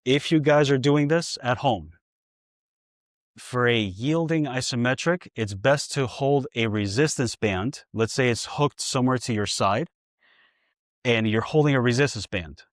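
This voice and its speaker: A therapist and coach with a New York accent and a mid-range voice demonstrates exercises, giving brisk, repeated cues and tossing joking asides to viewers. The recording is studio quality with no room sound.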